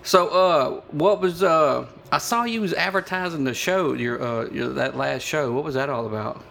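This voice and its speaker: A man's voice: fairly high pitch, normal speed, vocal fry, a bit bright, slight background noise. A man hosting a casual show, asking joking questions. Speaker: podcast host. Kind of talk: casual chat.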